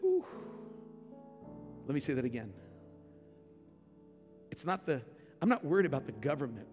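Brief: middle-aged male pastor, emphatic sermon delivery, reverberant sanctuary. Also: on the high side. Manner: preaching with rising, emphatic peaks and repeated lines. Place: church sanctuary. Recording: long hall reverb with faint music.

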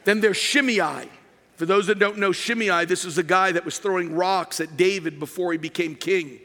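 A man delivers an animated sermon from the pulpit, his voice high and bright. He pushes up to shouts to drive points home. The sound carries a long reverb from a large sanctuary. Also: moderate pace. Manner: animated preaching, rising to shouts for emphasis. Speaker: pastor.

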